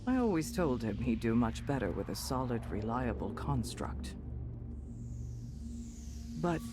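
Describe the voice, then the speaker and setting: A man's voice: mid-range voice, unhurried. A man narrating a fantasy video game in a dramatic storyteller manner. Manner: dramatic storyteller, lively delivery. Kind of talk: scripted narration. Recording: loud game music behind.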